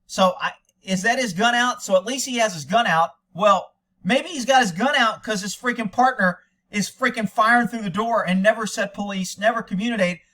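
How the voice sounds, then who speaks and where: A man's voice: high-pitched, normal speed, sharp tone. An American man giving angry, indignant commentary over police video, ranting at length.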